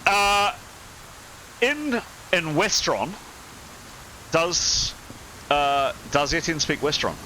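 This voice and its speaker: A man narrating as game master of a tabletop role-playing game, now and then shouting lines for panicked sailors. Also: fairly high pitch, very animated, very slow, pauses often, poor audio. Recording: faint background noise.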